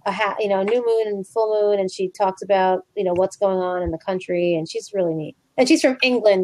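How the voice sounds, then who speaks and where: A woman's voice: mid-range voice, a little mellow, no echo. A woman chatting casually in an online video conversation, filling her talk with "like". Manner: chatty, lots of "like".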